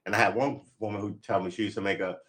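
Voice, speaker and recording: Rambling man with a low voice. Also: steady tone, rapid-fire, fairly bright tone. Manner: rambling, wry and joking. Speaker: live streamer. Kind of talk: casual live-stream chat.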